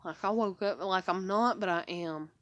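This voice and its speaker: A woman's voice: medium pitch, moderate pace, fairly bright tone, no room sound, studio quality. A middle-aged woman venting in a personal vlog, swearing often and full of fillers, sounding worn down and depressed. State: depressed and weary. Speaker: vlogger. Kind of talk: emotional personal vlog rant.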